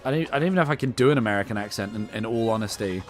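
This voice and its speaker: A man's voice: lowish voice, animated, very fast, faint music behind. A young man with an English accent hosting a casual co-op gaming stream, rambling and joking about himself with lots of ums. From England. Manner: rambling, self-mocking, many ums. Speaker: let's-play host.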